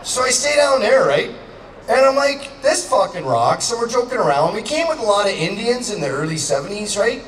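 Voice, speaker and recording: Guy yelling jokes at a rally outdoors, kinda far from the mic, faint noise behind. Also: high-pitched, big pitch swings, brisk. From Canada. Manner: crude, joking, shouting to a crowd. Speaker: public speaker. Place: outdoor public gathering. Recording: echoey and distant, faint background noise.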